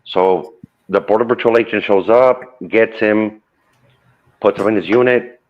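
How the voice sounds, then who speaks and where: Storyteller: a man with a lowish voice, loose and conversational, recorded on dull, lo-fi sound. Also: fairly even intonation, a little slow, slight background noise. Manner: loose retelling full of "I go" and "he goes". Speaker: guest telling a true ghost story. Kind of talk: casual spoken storytelling. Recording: dull lo-fi audio.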